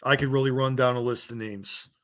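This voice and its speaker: A man's voice: medium pitch, steady tone, brisk, fairly bright tone. A man delivering a heated, blunt rant to his viewers, swearing and scolding them as a wrestling vlogger. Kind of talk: angry rant to camera.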